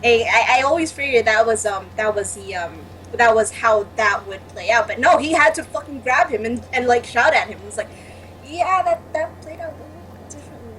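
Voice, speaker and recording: A young woman chats casually on a panel in a slightly high voice, stumbling over restarts and swearing as she gets worked up. A faint ambient hum runs behind her. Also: poor audio. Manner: halting, excitable, swears often. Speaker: panel guest. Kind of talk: casual chat.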